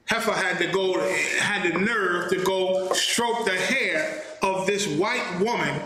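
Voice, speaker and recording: High bright-voiced guy ranting, emphatic, keeps saying "man", super echoey room. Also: slow, hardly any pauses. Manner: emphatic and indignant, repeats "man". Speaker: host and teacher. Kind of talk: heated commentary. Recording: very echoey room with faint noise.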